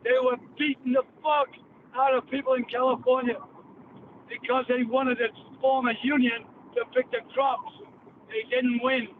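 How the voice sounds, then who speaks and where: A man's voice: extremely high pitch, flat delivery, moderate pace. Profane older English man on phone. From England. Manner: profane, blunt, storytelling. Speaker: guest. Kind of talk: heated call-in rant. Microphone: phone line. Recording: tinny phone line with faint noise.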